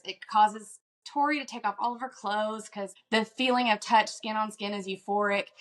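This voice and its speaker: A woman with a fairly high voice recaps a novel for a podcast audience. She talks in a casual, animated way and drops into a lower, faster voice for quick paraphrased quotes. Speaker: podcast co-host.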